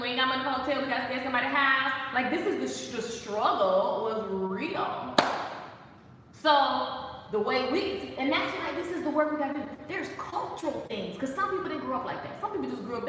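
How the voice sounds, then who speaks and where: A woman giving a casual, animated devotional talk, playful and preachy and full of laughs. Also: on the high side, heavy reverb, big-room sound, far from the mic, slight background noise, rough recording. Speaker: faith talk host.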